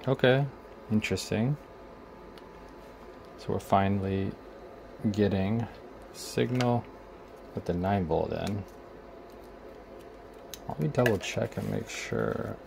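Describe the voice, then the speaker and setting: Working at his bench on a guitar pedal, a repair video host thinks out loud while testing and troubleshooting. His gravelly voice sits on the low side and sounds animated, though the background is noisy. He's unhurried and often trails off as he works.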